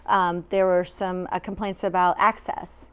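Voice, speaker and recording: Bubbly fast-talking woman from California. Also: on the low side, little pitch movement, clean tone. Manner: quick, bubbly, laughs a lot, lots of "um". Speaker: farmers' market manager. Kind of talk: casual interview.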